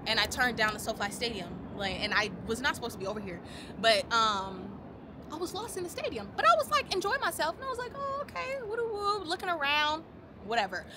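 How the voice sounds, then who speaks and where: Lively high-voiced woman joking around. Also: background noise. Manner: joking, laughing, hyped trash talk. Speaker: vlogger on a stadium tour. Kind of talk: casual playful vlog chat. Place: in a large open stadium. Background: music playing.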